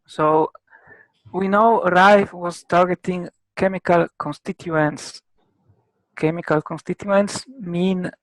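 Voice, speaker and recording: A man with an Italian accent explaining a technical subject as a guest expert, halting often with filler sounds. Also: fairly high pitch, no room sound, low-quality recording. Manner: halting, many filler pauses.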